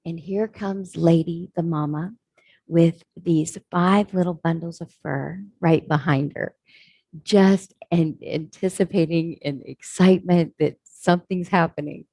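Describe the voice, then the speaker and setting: Woman preaching a story, mellow husky voice, dry sound. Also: lowish voice, fairly even intonation, a little slow, no echo. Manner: earnest, reflective. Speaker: speaker. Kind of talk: sermon storytelling.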